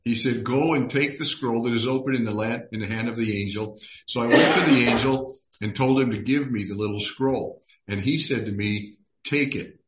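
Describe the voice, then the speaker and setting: A man's voice: mid-range voice, moderate pace, few pauses, heavy background noise. A man pastor teaches a Bible study in an easygoing, conversational way. He reads scripture aloud and acts out the people in the passages. His voice rings with a roomy echo. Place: church room.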